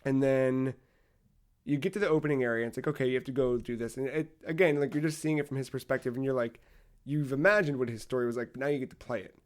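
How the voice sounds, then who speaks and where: A man co-hosting a podcast, telling a long story in casual chat, rambling with lots of fillers and animated retellings. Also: mid-range voice, quick pace. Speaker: podcast co-host.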